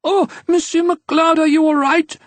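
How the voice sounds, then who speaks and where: A man doing a shrill gushing young woman. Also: little pitch movement, normal speed, no echo.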